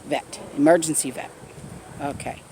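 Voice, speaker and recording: A woman's voice: sits low, fairly even intonation, normal speed, dark tone, slight background noise. A woman vlogger telling a story in a casual, blunt way, swearing freely, recorded outdoors in her backyard garden.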